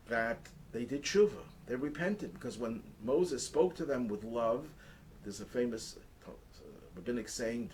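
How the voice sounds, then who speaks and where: A rabbi teaches the weekly Torah portion in earnest, his medium-pitched voice rising in intensity to stress his points. The audio is poor, with slight background noise.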